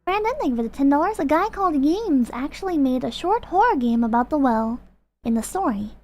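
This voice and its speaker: A woman's voice: high voice, expressive, fairly quick, a little mellow. A young woman streamer chatting casually and rambling self-consciously as she reads viewer comments. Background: background music.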